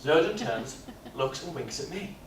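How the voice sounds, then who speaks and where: Lively man giving a workshop talk in an echoey hall. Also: fairly high pitch, unhurried, noisy background. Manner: lively storyteller, jokey and animated. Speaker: workshop speaker. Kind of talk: live workshop talk with comic storytelling. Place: expo hall. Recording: echoey hall, mic from far off.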